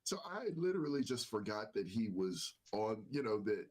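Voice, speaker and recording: Animated man with a nasal voice. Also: lowish voice, normal speed. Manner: animated, repeats himself with many fillers. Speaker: podcast co-host. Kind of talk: casual sports chat.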